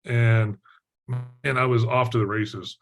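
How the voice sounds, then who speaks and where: A middle-aged man from Texas, a podcast guest telling a story in a lively way, laughing often and using lots of fillers. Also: mid-range voice, a little slow. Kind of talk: storytelling in an interview.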